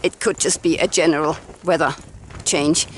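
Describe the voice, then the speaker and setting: A woman's voice: low-pitched, fairly even intonation, moderate pace, slight background noise. A chatty woman narrating a hiking vlog outdoors on a mountain trail into a handheld camera, laughing often. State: cold from icy water. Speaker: hiking vlogger.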